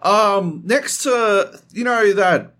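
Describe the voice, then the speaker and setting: A man's voice: high-pitched, extremely slow, fairly bright tone, pitched above the performer's own voice, exaggerated voice. A man mimicking a clueless young male gamer who rambles and hesitates, lost for words. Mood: flustered.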